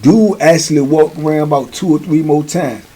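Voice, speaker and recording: A middle-aged man spins prison stories in a loose, slangy style, circling back with repeated phrases. His voice sits a touch higher than most men's. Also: moderate pace, mellow, slightly rough. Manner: slangy, repetitive, conversational. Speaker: storyteller, show host. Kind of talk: casual prison storytelling.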